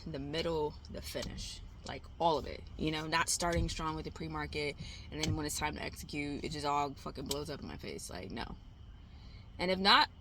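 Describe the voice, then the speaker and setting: A woman's voice: low voice, noisy background. A tired woman rambling candidly at home in a casual vlog, swearing and laughing as she talks to herself. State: exhausted. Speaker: trading vlogger. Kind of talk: casual self-talk vlog.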